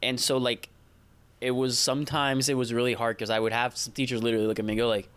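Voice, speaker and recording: A man's voice: mid-range voice, little pitch movement, quick pace, fairly bright tone, clean tone. A young man talking casually among friends. He rambles, hesitates and starts his sentences over. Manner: rambling, hesitant, many restarts. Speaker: podcast co-host. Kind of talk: casual chat.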